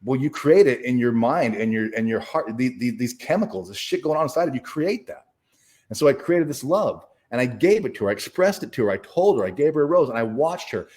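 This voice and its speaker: An author appearing as an interview guest tells a personal story with plenty of cursing, emphasis, and restarts in a casual style. His medium-pitched voice is expressive with a darkish tone, and he talks fairly quickly.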